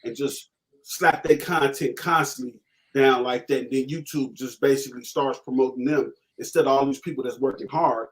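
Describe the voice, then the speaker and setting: A man's voice: medium pitch, steady tone, normal speed, poor audio. A man co-hosting a casual live stream, complaining emphatically and restarting his sentences. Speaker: co-host.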